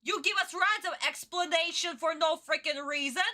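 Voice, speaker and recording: A woman's voice: very high voice, normal speed, pushed and bright. A woman streamer giving a casual reaction commentary, ranting and swearing in frustration.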